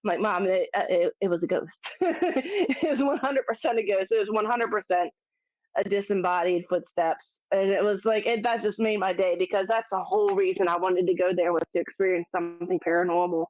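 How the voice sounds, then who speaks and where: A woman guest telling a story in a casual, animated way, laughing often and restarting sentences. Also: medium pitch, fairly quick, no room sound. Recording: dull, dry lo-fi audio.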